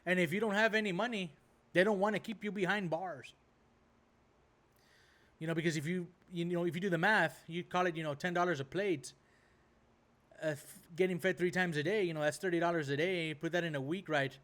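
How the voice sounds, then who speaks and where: Host of a reaction video, a man with a slightly high voice who rambles in a loose rant full of "right?" and "bro". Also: fairly quick, fairly bright tone. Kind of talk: casual ranting commentary.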